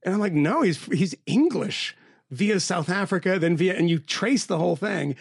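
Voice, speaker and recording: A man with a slightly affected Mid-Atlantic lilt and a gravelly edge, talking a touch high for a man. He chats in a wry, self-mocking way and laughs mid-sentence. The sound is dry and close. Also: animated, moderate pace, dry recording. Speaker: podcast co-host. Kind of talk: casual panel chat.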